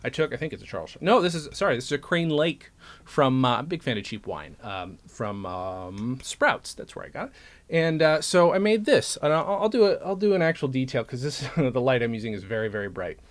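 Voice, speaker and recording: A man's voice: mid-range voice, very animated, brisk. Rambling casual man, chatty vlogger. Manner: rambling, self-interrupting, joking. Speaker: vlogger and podcaster. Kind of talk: casual talk to camera.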